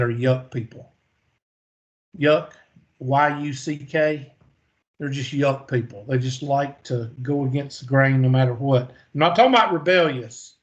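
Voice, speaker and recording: In dull-sounding audio, a math instructor with a mid-range voice gives a folksy, story-driven lecture. He asks the class questions and then supplies the answers himself.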